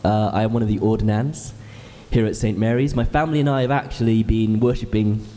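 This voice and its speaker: A man's voice: fairly low pitch, fairly quick, mellow, in a large hall. A man in his thirties, an ordinand, preaching a sermon in a church with earnest, explanatory storytelling. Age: 30s.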